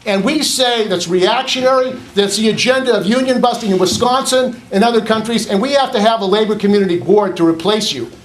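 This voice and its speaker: A high-voiced man speaks at the podium of a public board meeting. He is indignant and accusatory, and he hammers his points home by repeating them. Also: fairly quick, hardly any pauses. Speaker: public commenter.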